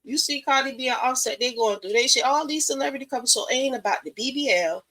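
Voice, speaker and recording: A woman's voice: high voice, fast, pushed and bright, poor audio. Blunt, profane woman giving advice. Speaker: podcast host. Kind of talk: casual live-stream monologue.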